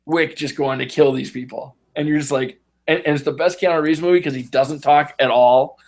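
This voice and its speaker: A man's voice: fairly high pitch, steady tone, a little fast. A man in casual podcast chat, animatedly retelling movie scenes and acting out the characters in voices. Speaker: podcast co-host.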